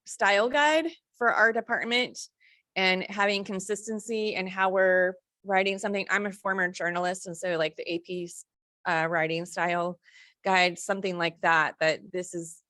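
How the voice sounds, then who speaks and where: A woman's voice: mid-range voice, a bit bright, no room sound, clean studio sound. Chatty woman presenting on a panel. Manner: chatty, with many fillers and self-corrections. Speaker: faculty fellow presenting on a panel.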